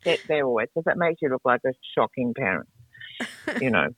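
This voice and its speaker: A woman's voice: extremely low pitch, expressive, fairly quick, a bit bright. A middle-aged woman in casual chat, candid and rambling, swearing freely. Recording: dry tinny phone-like sound.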